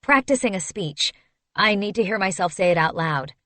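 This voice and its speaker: A woman's voice: medium pitch, normal speed, dry recording. Woman reading a first-person story aloud. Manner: expressive, wistful storytelling. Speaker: audiobook narrator.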